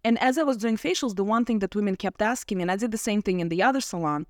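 Animated woman around forty, podcast guest, mid-pitched, dry close sound. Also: fast, dry recording. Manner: animated, acts out quotes with laughs. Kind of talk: casual storytelling interview.

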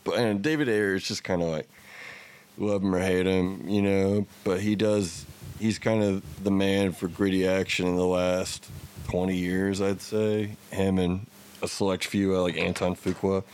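A man's voice: low-pitched, level tone, measured pace, a little mellow, clear, resonant tone. A man co-hosting a movie podcast, talking casually and enthusiastically, with frequent laughs and swearing. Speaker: podcast co-host.

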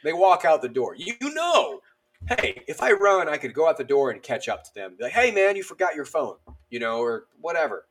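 This army veteran guest, a man in his thirties, has a voice on the high side and talks a little fast, with a faint hiss or hum in the audio. His storytelling is loose and lively, full of fillers, and he performs the other characters' lines himself.

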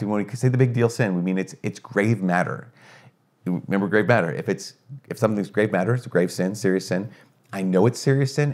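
A middle-aged priest gives a conversational teaching in a lowish voice. He is earnest and energetic, posing rhetorical questions and often restarting his sentences.

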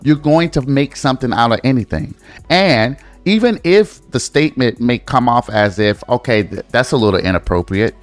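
A man's voice: mid-range voice, animated, normal speed, no echo, soft background music. A man hosting a casual true-crime podcast, talking bluntly, swearing and teasing his co-host. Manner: blunt, opinionated, swears and teases.

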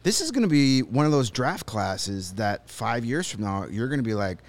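A man of middling pitch co-hosting a sports talk show in a studio. He gives firm opinions and drops jokes and asides as he goes. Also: sing-song. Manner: opinionated, joking, quick asides. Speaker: sports podcast co-host. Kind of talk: casual sports chat.

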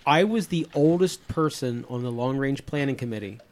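A man's voice: medium pitch, moderate pace, darkish tone, a little hiss or hum. A man in his fifties hosting a podcast, rambling casually with many restarts. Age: 50s. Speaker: podcast host. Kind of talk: casual chat.

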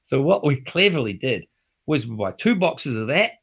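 A man's voice: medium pitch, sing-song, normal speed, vocal fry, fairly bright tone, slightly rough. A man with a New Zealand accent telling funny anecdotes in casual chat, laughing often and acting out other people's lines. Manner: laughs often while telling anecdotes, acts out voices in quotes.

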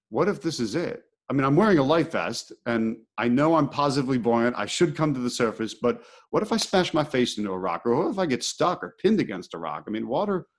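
A middle-aged man hosting a podcast, telling a personal story in casual conversation and acting out his own thoughts with animation. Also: medium pitch. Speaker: podcast host.

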